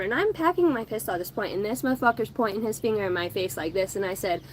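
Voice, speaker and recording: An American woman hosting a spiritual livestream, telling a rambling, profanity-laced story in casual, animated talk. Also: medium pitch, a little hiss or hum. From United States. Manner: profane, animated, fast-rolling anecdote. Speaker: livestream spiritual channel host. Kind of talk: casual storytelling to a live audience.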